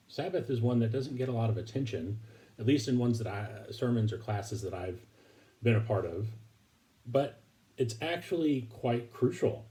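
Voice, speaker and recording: A man giving a recorded Bible lesson to his congregation, speaking haltingly with many fillers and restarts. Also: on the low side, mellow. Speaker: preacher.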